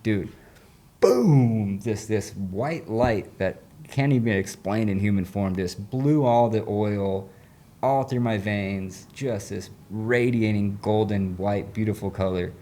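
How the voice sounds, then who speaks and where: A man with a low, mellow voice speaks slowly as a recovery coach guesting on an interview podcast. Earnest and rambling, he recounts a personal story and drops in bits of casual slang.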